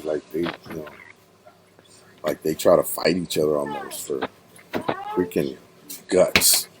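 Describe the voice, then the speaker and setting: A man's voice: a bass voice, background noise. A man hosting a casual podcast interview, rambling and slangy, calling his guest bro and dude. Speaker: podcast host.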